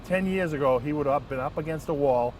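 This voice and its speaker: Earnest police officer, fairly high voice. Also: male voice. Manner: earnest, measured, with frequent restarts. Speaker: transit police lieutenant. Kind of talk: first-person anecdote and reflection. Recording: distant mic, faint outdoor traffic noise.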